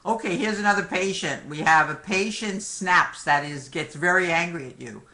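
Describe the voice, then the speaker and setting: High-voiced and speaking at normal speed, the lecturer sounds bright and forceful. He teaches a live online medical exam review in a conversational way, cracking the occasional joke and sprinkling "okay" and "my friends" throughout.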